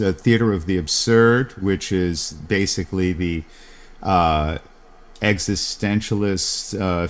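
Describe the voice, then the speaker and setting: A man hosting a podcast, talking about literature in a discursive lecture style, with many fillers and restarts. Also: low-pitched. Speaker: podcast host.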